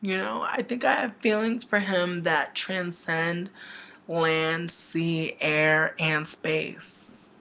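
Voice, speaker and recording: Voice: mid-range voice, fairly even intonation, slow pace, vocal fry, bright, forceful tone. A livestream host telling a comic gossip story in a rambling, dramatic way, with many fillers and swear words, into a webcam microphone.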